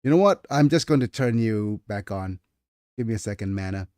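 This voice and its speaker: A man hosting a casual livestream about his own writing, chatty and quick to correct himself. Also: fairly low pitch, lively intonation, darkish tone, clear, resonant tone, no echo, clean studio sound. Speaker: streamer and author.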